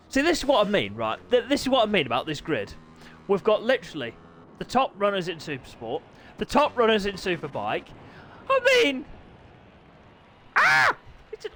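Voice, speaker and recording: A man hosting a sim-racing league stream, commentating and chatting with his riders in a jokey, excitable way that breaks into yelps and laughter. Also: high-pitched, a little hiss or hum. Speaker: race league host and streamer. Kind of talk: live race commentary and chat.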